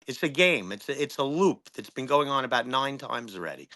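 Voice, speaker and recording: A man's voice: medium pitch, animated, brisk, bright, forceful tone. A man in his fifties, a streamer as a guest, talking in an agitated, profane way and repeating himself. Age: 50s. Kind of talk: heated conversation.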